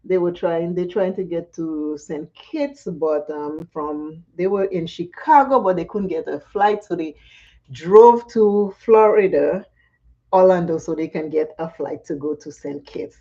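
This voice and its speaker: A woman's voice: lowish voice, measured pace, dark tone. A woman chatting casually and laughing often while she does her makeup for a vlog. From Caribbean. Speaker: makeup vlogger. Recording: dull lo-fi sound.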